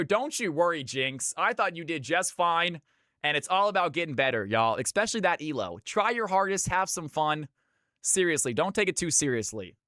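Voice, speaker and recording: Bright, hyped male streamer. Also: sing-song, normal speed, no echo, studio quality. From Georgia, US. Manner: high-energy, hyped. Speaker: streamer and game caster. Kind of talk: live game-stream casting and chat.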